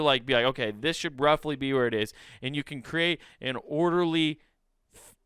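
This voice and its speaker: A comedian in his thirties hosts his podcast, ranting and cursing through a comic monologue and acting out little scenes in a raised voice. His voice is fairly high, bright, forceful, clear, and resonant, in a dry, clean studio recording.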